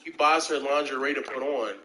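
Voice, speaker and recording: Guy storytelling on stream, lively voice that jumps around, a bit of background hiss. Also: brisk, low-quality recording. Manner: animated, acts out quoted voices with big pitch jumps. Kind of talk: casual storytelling chat.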